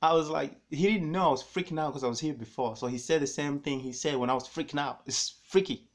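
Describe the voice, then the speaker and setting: A man talks straight to his viewers in a loose, rambling way, circling back and repeating words as he goes. His voice sits at an ordinary middle pitch, and he gets animated when the story builds. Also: fast. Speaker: vlogger. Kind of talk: casual storytelling to camera.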